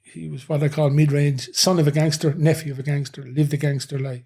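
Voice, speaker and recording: Brief: middle-aged man, ex-doorman guest, dark husky voice, loose rambling storyteller. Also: on the high side, level tone, brisk. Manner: rambling anecdotal telling, frequent "you know". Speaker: former nightclub head doorman, guest. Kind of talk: casual interview storytelling.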